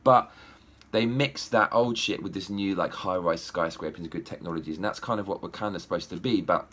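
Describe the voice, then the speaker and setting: A young man giving a profane, animated ranting film review. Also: low voice, fairly quick. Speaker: movie reviewer.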